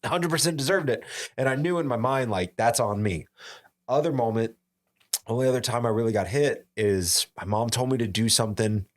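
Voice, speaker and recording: A young man from Arizona chatting casually on a podcast, an animated storyteller who says "like" a lot. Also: mid-range voice, fairly quick. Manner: animated storyteller, fills talk with "like". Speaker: podcast guest or co-host.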